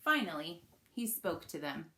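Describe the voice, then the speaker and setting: A woman's voice: lowish voice, big pitch swings, normal speed, sharp tone, slight background noise. A woman reading a children's picture book aloud, coaxing young listeners to join in with questions and actions. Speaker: children's story reader.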